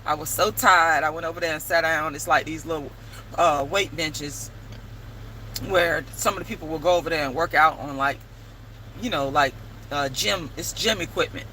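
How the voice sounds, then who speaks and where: Lady vlogging, real animated, cusses a lot, kinda sharp tense voice. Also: sits low, moderate pace, slight background noise, low-quality recording. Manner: animated, emphatic, swears freely. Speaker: vlogger and playwright. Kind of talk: casual storytelling to camera.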